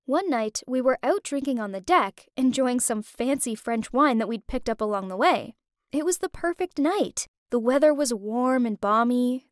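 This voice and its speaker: Casting: young woman storyteller, high voice, dry close sound, emotive first-person telling. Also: no room sound.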